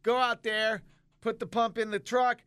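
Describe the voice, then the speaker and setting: A man co-hosting a talk show, telling a funny story in an animated way and acting out the people in it. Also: very high-pitched, measured pace, smooth, no room sound. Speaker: radio show co-host. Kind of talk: comic storytelling chat.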